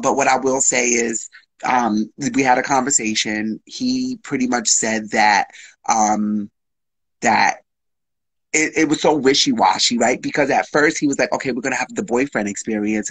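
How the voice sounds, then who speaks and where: A man's voice: medium pitch, a bit bright, slightly rough, low-quality recording. A man guest telling an open, emotional personal story on a live stream, frank and casual with swearing.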